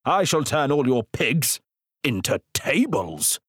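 A man's voice: fairly low pitch, lively intonation, takes it slowly, breathy edge, dry recording, studio quality, heavily acted. A man voicing a terse, proud old male sorcerer who speaks in a solemn, archaic way in a storybook reading. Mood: menacing.

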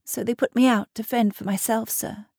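A woman's voice: mid-range voice, moderate pace, dark tone, dry recording, studio quality, pitched above the performer's own voice, close to an everyday voice. A woman voicing a sick, weary young dwarf boy who speaks sadly and politely. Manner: weary, sad and courteous.

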